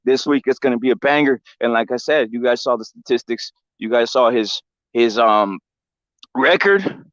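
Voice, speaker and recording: A man hosting a combat sports show in a casual, profane, animated rant that keeps circling back on itself. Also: mid-range voice, moderate pace, no echo, lo-fi sound. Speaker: show host.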